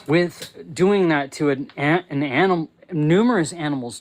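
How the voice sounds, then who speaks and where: A man on a live stream, angry and profane, who stumbles through his phrases and restarts them. His voice sits a touch high and climbs sharply when his rage boils over into shouting. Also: low-quality recording. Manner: angry, swearing, yelling in bursts; halting, restarts mid-phrase. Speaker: livestream host. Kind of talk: live-stream rant and chat reading.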